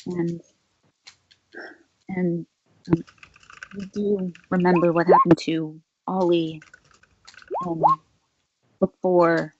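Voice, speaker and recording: A woman playing her character in a tabletop game, speaking hesitantly with many pauses and fillers. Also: lowish voice, slightly rough, highs cut off. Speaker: player.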